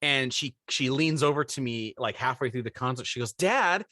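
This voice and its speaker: A man in his forties telling a story on a podcast in casual chat, animated and acting out the voices of people in it. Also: medium pitch, a little fast, no room sound, studio quality. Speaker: podcast co-host.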